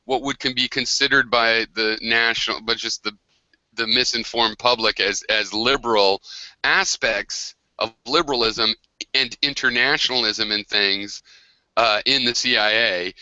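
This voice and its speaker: A man's voice: mid-range voice, fairly even intonation, measured pace, sharp tone, no room sound, muffled recording. An American man hosting a casual online group discussion, talking in long rambling turns with many restarts. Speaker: host of an online hangout.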